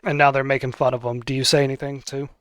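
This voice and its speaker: A man's voice: medium pitch, flat delivery, quick pace, no echo. Hesitant man running a tabletop game. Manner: hesitant, with many fillers. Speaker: game master.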